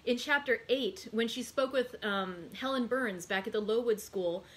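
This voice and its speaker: A woman's voice: on the high side, moderate pace, a little hiss or hum. A woman hosting a library read-aloud, chatting casually and self-deprecatingly with frequent fillers before the reading.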